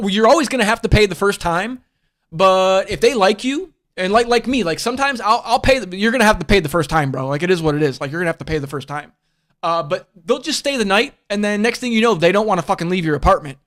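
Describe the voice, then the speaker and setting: High-voiced, rambling, profane man podcasting. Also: fairly bright tone. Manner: rambling, profane, blunt, calls listeners bud and bro. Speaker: podcast host. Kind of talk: casual livestream podcast chat.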